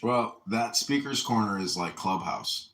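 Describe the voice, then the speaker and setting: A man's voice: lowish voice, expressive, unhurried, a bit bright, a little hiss or hum, rough recording. An American man chatting casually over a phone, telling meandering stories and quoting other people. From United States. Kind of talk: casual chat.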